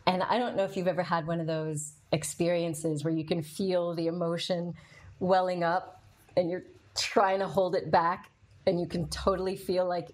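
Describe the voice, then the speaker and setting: A middle-aged woman with a fairly low voice tells her own story on a podcast. She talks candidly and with feeling, and she answers the comments of her live audience as she goes. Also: level tone, normal speed. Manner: candid and emotional, with frequent fillers. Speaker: podcast host.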